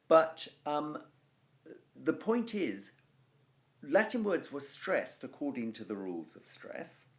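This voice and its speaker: A middle-aged man with an English accent gives a video lesson on Latin verse. He talks slowly, and his pitch swings widely, like a teacher keeping students engaged. He explains things patiently and sometimes chants out the rhythm of a line.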